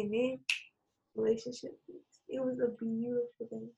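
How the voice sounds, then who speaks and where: Woman w a creaky higher voice, chatty, acts out quotes, laughs a lot. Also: normal speed, dull audio. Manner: animated storytelling, acts out quotes; swears casually, laughs often. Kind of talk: casual chat.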